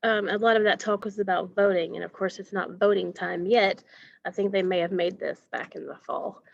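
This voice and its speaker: A woman's voice: medium pitch, moderate pace, vocal fry, muffled recording, slight background noise. A woman teacher casually wrapping up the day's lessons for her students. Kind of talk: casual classroom wrap-up.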